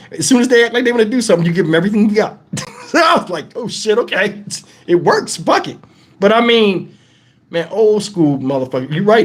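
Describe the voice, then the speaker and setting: Profane, animated storytelling man. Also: high voice. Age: adult, twenties long past. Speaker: livestream host. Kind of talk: casual storytelling on a livestream.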